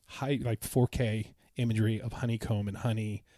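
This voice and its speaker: A man's voice: on the low side, steady tone, moderate pace, mellow, no room sound, clean studio sound. A man co-hosting a podcast, recounting his trip in a casual, enthusiastic, rambling way. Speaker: podcast co-host. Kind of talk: casual chat.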